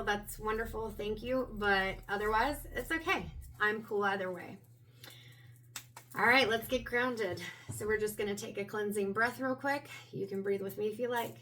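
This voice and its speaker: A woman chats her way into a tarot reading, her voice a bit hoarse as it recovers from illness. She rambles with plenty of ums at a middling pitch. She sits back from the mic, with a faint hiss behind her. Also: pushed and bright, recorded from a distance. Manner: rambling, chatty, with many ums. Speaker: tarot reader. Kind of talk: casual chat introducing a tarot reading.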